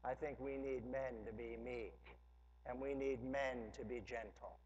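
A man's voice: medium pitch, steady tone, a little slow, a little mellow. A man preaching a sermon as pastor, conversational with humorous asides, rising to emphatic preaching. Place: church sanctuary. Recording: dull lo-fi church hall recording with long reverb.

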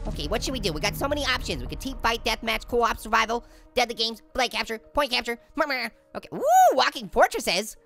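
A goofy, wisecracking talking orange, firing off puns and cackles in game commentary. Its voice is high and bright, and it swoops wildly up and down. Faint game music runs underneath. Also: male voice, sing-song, fairly quick, creaky, full character voice. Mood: playful. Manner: cackling, pun-making, jokey. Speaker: let's play host. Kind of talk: let's play commentary.

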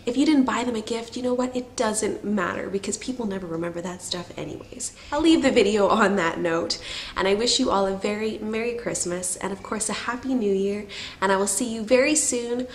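A young woman talks to her camera at home, warm and chatty, with plenty of fillers and small laughs. She sounds a little teary and emotional. A faint hiss sits under the recording. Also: mid-range voice, moderate pace. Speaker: vlogger. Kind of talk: casual to-camera storytelling.

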